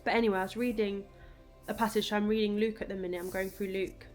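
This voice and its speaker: A young woman talks casually to her camera at home, animated and openly emotional, with plenty of filler words. A washing machine hums in the background and faint music sits under her voice. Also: mid-range voice, fast. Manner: animated, emotional, lots of fillers like "like" and "I don't know". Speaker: vlogger. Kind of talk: casual chatty vlog talk. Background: washing machine running.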